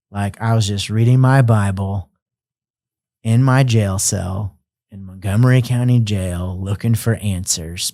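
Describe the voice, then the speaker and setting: A man's voice: on the low side, a little mellow, dry recording, clean studio sound. A man sharing his personal testimony as a podcast guest, earnest and reflective, at times emotional.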